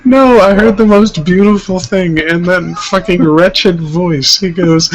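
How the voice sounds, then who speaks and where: High, swooping, unhurried man who laughs and swears in group chat. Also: low-quality recording. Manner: giggly, loose, swearing. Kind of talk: casual chat.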